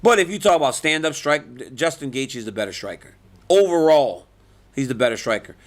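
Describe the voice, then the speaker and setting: A man's voice: medium pitch, brisk. A man in his forties, an MMA fighter, answering reporters in a casual media interview, telling stories with lots of laughter. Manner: animated storytelling, laughs often.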